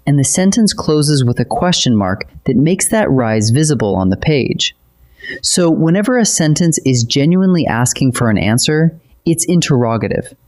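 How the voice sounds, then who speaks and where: Lively, measured grammar teacher. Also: medium pitch. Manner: measured, explanatory, lively intonation. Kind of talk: scripted grammar lesson narration.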